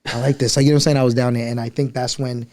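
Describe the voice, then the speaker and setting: A man's voice: mid-range voice, very fast. A young man from Liberia, a podcast guest, telling his life story in casual chat and acting out the people in it. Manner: animated, acts out voices in his stories.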